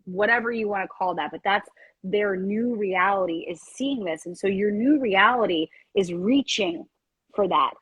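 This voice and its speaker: A woman hosting a live-stream card reading, speaking in a gentle, rambling way with many fillers. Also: medium pitch, moderate pace, breathy edge, no room sound, rough recording. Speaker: card reader and reiki host.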